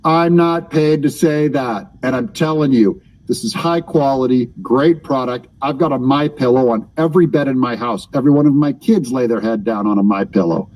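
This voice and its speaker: A man hosting a political commentary show in a mocking, sarcastic tone, answering the clips he plays. His voice sits at a middle pitch and sounds mellow and dark. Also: moderate pace, hardly any pauses, poor audio. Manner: mocking, talks back at the clips. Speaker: commentary channel host.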